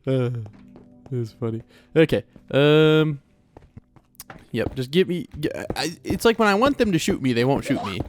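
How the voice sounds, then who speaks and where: A man's voice: a little high, animated, normal speed, pauses often. Chatty man narrating his game over music. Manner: chatty, laughs often, talks to the game. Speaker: let's play host. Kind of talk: casual gameplay commentary.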